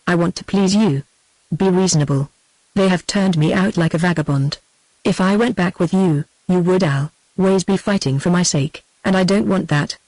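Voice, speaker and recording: A synthetic woman's voice with a British accent reading the lines of a distraught young peasant girl in an even, plain manner. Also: lowish voice, normal speed, no echo, low-quality recording.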